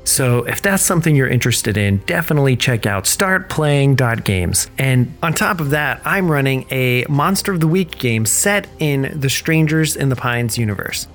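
Excited guy reading a podcast sponsor spot, normal mid voice. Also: medium pitch, normal speed, hardly any pauses, faint music behind. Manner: enthusiastic, promotional. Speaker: game master and creative director. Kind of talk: podcast ad read and intro narration.

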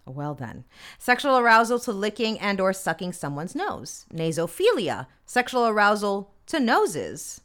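A woman in her thirties talks through a list in a candid, chatty way, dropping wry comments and the odd curse. Her voice is bright and sharp, smooth and crisp, and her pitch rises and falls a great deal. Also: very animated, a little slow. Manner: candid, chatty, swears freely, comments wryly as she reads. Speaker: podcast host. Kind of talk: casual chat reading from a list.

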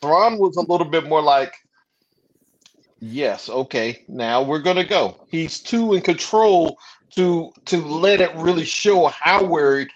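A laid-back man co-hosting a casual fan chat. He takes his time, and his fairly high voice rises and falls a lot. The mic sounds a little dull. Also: lively intonation, unhurried. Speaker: podcast co-host.

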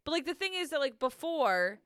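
A woman's voice: high voice, big pitch swings, brisk, fairly bright tone, dry recording, clean studio sound. A young woman co-hosting a podcast, chatting casually through a reality show recap, laughing often and swearing freely. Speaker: podcast co-host.

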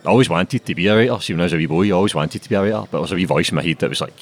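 Young man, Glaswegian accent, low voice, quick casual chat, sweary. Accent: Glaswegian Scottish. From Glasgow, Scotland. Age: 20s. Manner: swears often, laid-back and chatty. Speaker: guest author.

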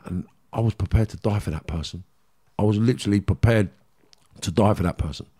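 A man's voice: lowish voice, fairly quick, warm tone, husky. A man, a guest in an interview, telling his story intensely, repeating himself, blunt and swearing. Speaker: guest, former criminal.

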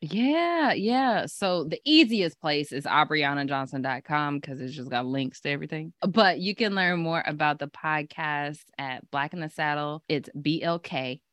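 Guest, woman on a video call, deep yet swooping, bright and animated. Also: moderate pace, few pauses, no echo. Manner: animated, laughing, swears freely. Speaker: podcast guest. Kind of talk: casual chat.

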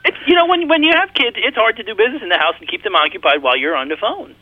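Quick, animated co-host man. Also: sits high, no echo, narrow, tinny audio. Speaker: podcast co-host. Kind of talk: casual podcast chat.

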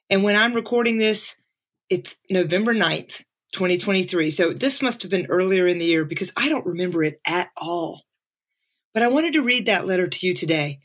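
A woman's voice: fairly low pitch, a bit bright. A middle-aged woman from the American South with a Southern accent, hosting a reflective podcast and laughing easily as she talks. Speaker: podcast host and life coach.

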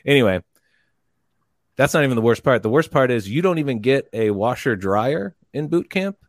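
A man telling a long story in casual chat, rambling and animated, and bursting into loud quoted lines. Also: mid-range voice, moderate pace, no echo, studio quality. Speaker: podcast guest telling a story.

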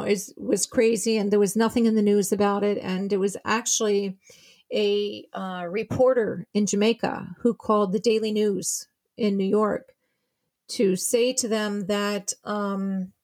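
A woman's voice: mid-range voice, fairly even intonation, normal speed, a little mellow. Grieving mother recounting a tragedy. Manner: tells events by acting out quoted dialogue. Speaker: interviewee, mother of a murder victim. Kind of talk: emotional personal account.

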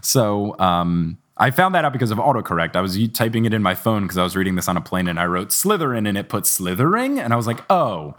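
A young man hosting a casual podcast chat, retelling a story with quick put-on character voices and frequent laughter. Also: on the low side, very animated, a bit bright. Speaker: podcast host. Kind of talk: casual chat recapping a book.

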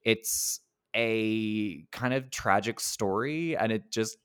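Man, podcast host, casual film chat, lowish voice, dry, lots of "um" and "like". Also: takes it slowly, a bit bright, smooth, no echo. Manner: chatty, laughs often, many fillers.

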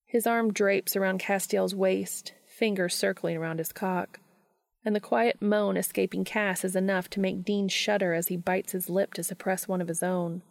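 A woman reading a story aloud in an unhurried, soft, intimate narration. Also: mid-range voice, fairly even intonation, vocal fry, no room sound, clean studio sound. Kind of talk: scripted audiobook narration.

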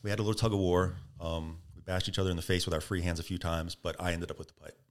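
A podcast guest tells a story casually, his low-pitched voice racing. An animated storyteller, he acts out the quotes with energy.

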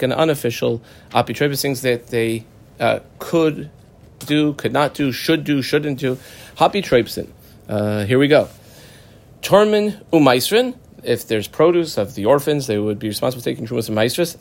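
A man teaching a Talmud class, explaining the text in a conversational way with quick asides. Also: mid-range voice, creaky, darkish tone.

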